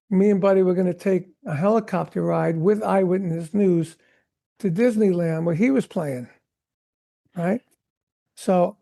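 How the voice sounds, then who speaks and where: An older man, a veteran drummer, telling animated stories in a podcast interview and acting out the voices of the people he quotes. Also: high voice, creaky. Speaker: guest drummer.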